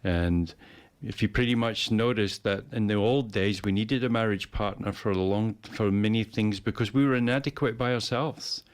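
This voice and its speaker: Man, low pitch, casual chat, rambling, repeats words. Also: moderate pace, few pauses. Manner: rambling, repeats words, puts on playful voices.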